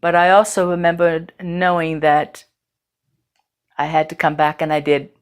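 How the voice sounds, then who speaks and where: Candid low-voiced woman telling her story. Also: steady tone, a little slow, long pauses, clear, resonant tone. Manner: candid, earthy, with casual swearing. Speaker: host. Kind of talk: personal storytelling.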